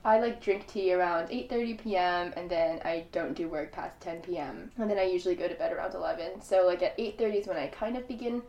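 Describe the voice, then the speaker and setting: A young woman hosting a podcast, chatting casually and telling lively stories with frequent laughter. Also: fairly low pitch, fast talker, creaky, few pauses, lo-fi sound. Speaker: podcast host. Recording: roomy echo.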